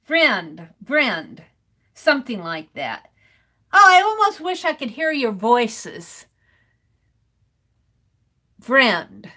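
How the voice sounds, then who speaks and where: A woman's voice: a little high, sing-song, drawn-out words, long pauses, sharp tone. A woman chatting casually with viewers on a live art stream while she cuts a stencil, greeting people by name and sounding out words playfully.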